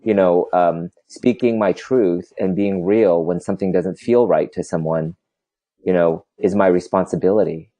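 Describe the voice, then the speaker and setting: A male podcast host in casual conversation. His voice sits very low and sounds mellow. He talks candidly and rambles, leaning on "you know" as he goes. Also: fairly even intonation, normal speed. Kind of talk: casual interview chat.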